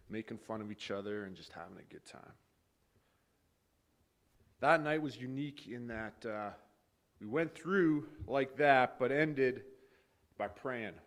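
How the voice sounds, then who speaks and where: A man speaking as pastor at a memorial service, telling stories of a friend with light laughter, then leading a hushed prayer. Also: medium pitch. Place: funeral service hall.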